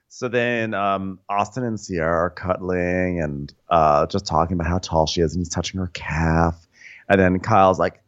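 A man co-hosting a podcast, recapping a reality show in comedic chat with animated storytelling. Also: low-pitched, normal speed, muffled recording. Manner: animated storytelling, slips into silly impressions. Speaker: podcast co-host.

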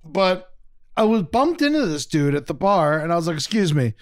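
A man co-hosting a podcast, chatting casually with lots of swearing and animated storytelling. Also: sits high, normal speed. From Polish heritage. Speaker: podcast co-host. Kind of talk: casual chat.

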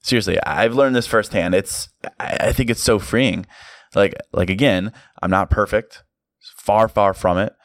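A man hosts a solo motivational podcast, talking casually and reflectively with light laughs and plenty of "like" fillers. His voice is lowish and unhurried, and the recording is dry.

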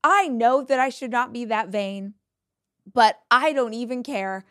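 A woman in her forties hosting a motivational podcast, talking in a blunt, energetic way and swearing casually. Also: on the high side, a little slow, no echo, clean studio sound. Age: 40s. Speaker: podcast host.

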